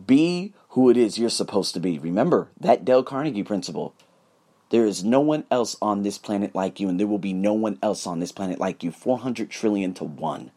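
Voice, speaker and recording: An American man hosting his own podcast, giving a high-energy, emphatic motivational monologue with plenty of profanity. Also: expressive, a little fast, mellow. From United States. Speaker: podcast host.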